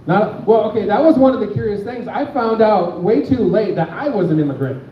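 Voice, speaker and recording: A man's voice: sits high, animated, brisk, a little hiss or hum. A man doing a rambling stand-up set, chatting with the audience. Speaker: stand-up comic. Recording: echoey dull recording from a distance.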